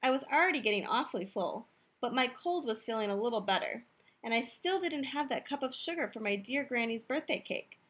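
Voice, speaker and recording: Brief: a woman reading a storybook aloud as the wolf, playful and expressive, husky tone with a swooping, lively pitch. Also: fairly quick. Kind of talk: reading a picture book aloud, as the wolf in first person. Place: youth room.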